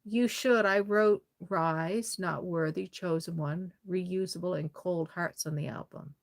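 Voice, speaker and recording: A woman's voice: lowish voice, fairly even intonation, a little slow, vocal fry, few pauses. A woman with a Cape Breton Maritime Canadian accent, hosting a casual livestream and chatting effusively with viewers while she works. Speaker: doll-making livestream host.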